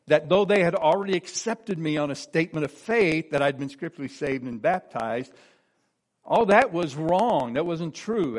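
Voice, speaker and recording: Older guy preaching his own testimony, earnest storyteller, voice sits a bit high, goes quiet and low on the quotes. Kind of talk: personal testimony.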